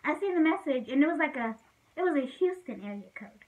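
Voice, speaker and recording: A woman's voice: high voice, lively intonation, brisk, recorded from a distance, rough recording. A young woman casually telling a personal story to the camera, chatty and full of fillers. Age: young adult. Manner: chatty, fillers like "like", frequent laughs.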